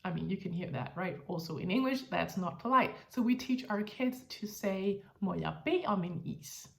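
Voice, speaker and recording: A woman's voice: mid-range voice, expressive, moderate pace, vocal fry. A woman with a Danish accent, a native Danish speaker, giving an online language lesson in an explanatory, friendly way with frequent laughs.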